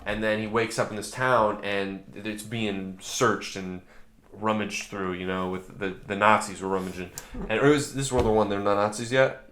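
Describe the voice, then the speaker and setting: Young man, co-host, rambling film talk, lowish voice, roomy echo. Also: steady tone, normal speed, a bit bright. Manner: loose, rambling, swears casually. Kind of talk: casual film review chat. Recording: echoey room.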